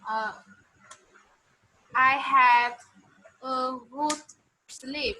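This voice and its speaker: Very slow, hesitant female English learner. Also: high voice, fairly even intonation, bright, forceful tone, rough recording. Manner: hesitant, with many "uh"s. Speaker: English student. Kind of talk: answering in an English lesson.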